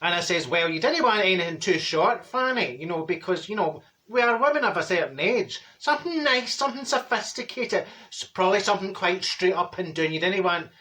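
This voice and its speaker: A man's voice: high voice, expressive, fairly quick, few pauses, bright, forceful tone. Brief: middle-aged Glaswegian woman, man in drag voice, straight-talking gossip, blunt comic monologue. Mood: gossipy. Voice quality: chatty, blunt, gossipy storytelling. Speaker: comedy character monologue.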